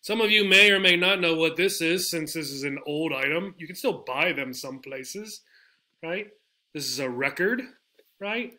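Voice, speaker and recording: A man's voice: fairly high pitch, lively intonation, normal speed, bright, forceful tone. A man teaching an English pronunciation lesson, speaking patiently and repeating each model word several times. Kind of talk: slide-based pronunciation lesson.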